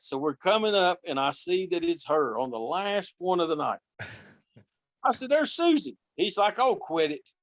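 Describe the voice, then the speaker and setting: A man telling road stories casually as a podcast guest, lively and acting out the voices of the people he quotes. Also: sits high, no echo. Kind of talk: casual storytelling.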